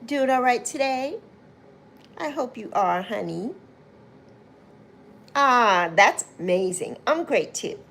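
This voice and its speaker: A woman's voice: on the high side, lively intonation, slow, gravelly, long pauses. A woman hosting a casual livestream, greeting viewers by name and calling them "my love" and "honey". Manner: warm, chatty, calls viewers "my love" and "honey". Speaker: livestream host.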